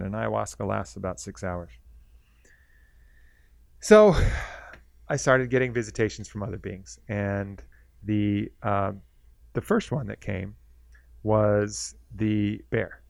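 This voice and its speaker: Male podcast host, solo storytelling, gravelly, low, dry close sound. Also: no room sound. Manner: reflective, laid-back, with laughs and restarts.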